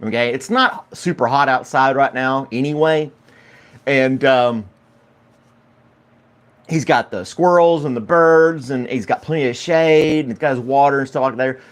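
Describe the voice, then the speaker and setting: A man's voice: medium pitch, measured pace. A man hosting a casual morning livestream, chatty and rambling, greeting viewers by name and laughing often. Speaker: podcast host.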